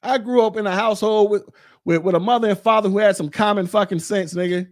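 Man in his forties, high voice, blunt, mocking, profane, podcast rant. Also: fast talker. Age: 40s. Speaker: podcast host. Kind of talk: casual rant.

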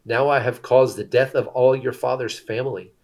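A man's voice: medium pitch, fairly even intonation, moderate pace, a little mellow, close to an everyday voice. A man reading the part of a remorseful but protective warrior leader. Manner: earnest, reassuring.

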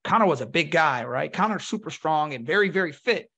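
A man from North Philadelphia, a former Marine and podcast guest, telling stories in a casual, animated way and acting out the voices of people he quotes. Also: on the high side, brisk, highs cut off. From North Philadelphia, USA. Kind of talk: casual storytelling.

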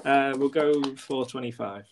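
A man's voice: medium pitch, measured pace. A young man co-hosting a podcast, restarting his intro over and over and laughing at his own slips. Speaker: podcast co-host. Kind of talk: casual podcast outtakes.

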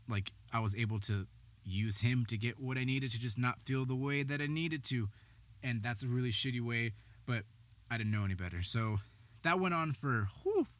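A man's voice: medium pitch, fairly bright tone, dry recording. Man, podcast host, candid storytelling, rambling, swears a lot, a bit breathless, dry sound. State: slightly out of breath. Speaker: behavioral health worker. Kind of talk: personal storytelling.

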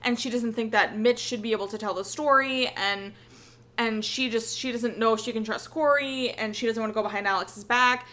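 A woman co-hosting a podcast, chatting casually and excitedly, rambling and swearing a lot. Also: fairly high pitch, moderate pace. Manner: animated, heavy swearing, rambling recap. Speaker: podcast co-host.

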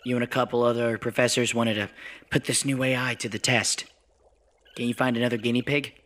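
A man's voice: mid-range voice, little pitch movement, brisk, fairly bright tone, close to an everyday voice. An actor playing an exasperated young assistant, wary of his employer. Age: young adult.

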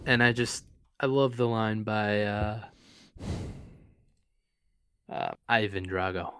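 A man's voice: lowish voice, slow pace, fairly bright tone, slight background noise. A man co-hosting a podcast, chatting casually and loosely about his favorite sports movies. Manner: loose and conversational, ranking favorites with easygoing asides. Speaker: podcast co-host.

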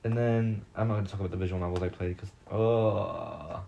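Rambling, excitable young-sounding man. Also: low voice, brisk, gravelly, dull audio, a little hiss or hum. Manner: rambling, excitable storytelling full of fillers. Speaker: podcast co-host. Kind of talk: casual chat.

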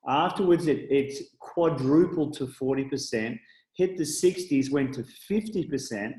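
A man's voice: medium pitch, unhurried, a little mellow, echoey room, poor audio. A male interviewer asking questions in a casual, hesitant way, full of fillers. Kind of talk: conversational interview.

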